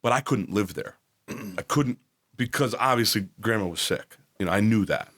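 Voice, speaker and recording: Man, 40s, from new jersey, low voice, blunt, swears freely, candid storytelling. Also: expressive, moderate pace, fairly bright tone. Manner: blunt, profane, acts out quoted voices. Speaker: podcast guest.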